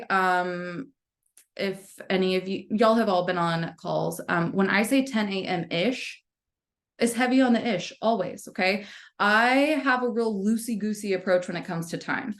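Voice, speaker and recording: A young adult woman leading a spiritual gathering, telling a personal story in a candid, casual way with frequent swearing and check-ins with her listeners. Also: mid-range voice. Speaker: spiritual community leader. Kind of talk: casual spoken sermon.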